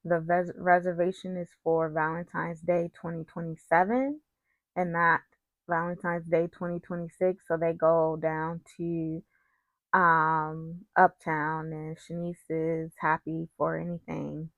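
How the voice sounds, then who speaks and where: A woman's voice: low voice, level tone, measured pace, no room sound. A woman casually recapping a soap opera, chatty and opinionated, with frequent digressions.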